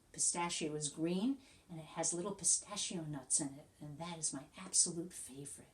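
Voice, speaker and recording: A woman teacher reading a picture book aloud to young children, animated and coaxing, often asking them questions. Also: lowish voice.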